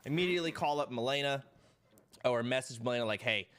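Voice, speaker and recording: A man live streaming, telling his chat a rambling, profane story in a casual, animated way. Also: medium pitch, fast, clean tone.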